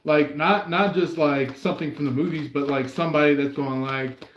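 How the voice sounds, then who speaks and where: A man's voice: a little high, fairly even intonation, normal speed, reverberant, slight background noise. A man hosting a live tarot reading stream, talking in a meandering way, full of fillers and restarts. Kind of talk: rambling live-stream chat.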